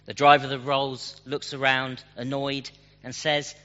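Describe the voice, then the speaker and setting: A man preaching a sermon and telling jokes, switching into lively character voices for the punchlines. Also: medium pitch, normal speed. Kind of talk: sermon with humorous anecdotes. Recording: dull sound with long hall reverb.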